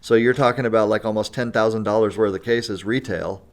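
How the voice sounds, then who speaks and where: A man's voice: lowish voice, steady tone, fairly quick. A man telling a long story in a casual podcast chat. He laughs often and keeps checking in with "right?" and "you know". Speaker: guest storyteller.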